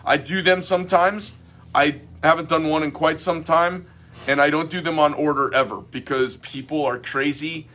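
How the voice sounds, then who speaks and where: A man's voice: on the high side, moderate pace. A middle-aged man who owns a knife company, reading customer emails aloud and commenting bluntly in casual chat. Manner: blunt, rambling, animated asides.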